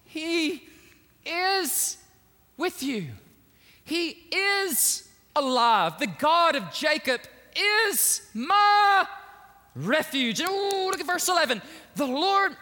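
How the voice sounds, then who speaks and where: High bright guy preaching, super animated, lots of hall echo. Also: a little slow. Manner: animated, emphatic, repeats words. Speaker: pastor. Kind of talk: sermon. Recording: long hall reverb.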